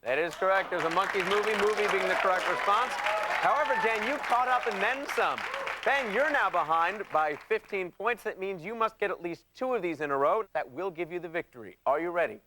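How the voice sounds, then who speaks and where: A man's voice: sits high, fairly quick, over a noisy crowd, very noisy. A man hosting a television game show in an upbeat, announcer-like way. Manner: energetic, announcer-like. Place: TV studio. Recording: studio with audience and music. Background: studio audience and show music.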